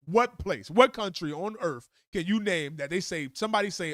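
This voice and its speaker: A man with a high voice rants on his live stream, swearing bluntly and heatedly. the sound is dry and close, with no room echo at all. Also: lively intonation, normal speed, hardly any pauses, fairly bright tone. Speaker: livestream host. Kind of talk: profane live commentary rant.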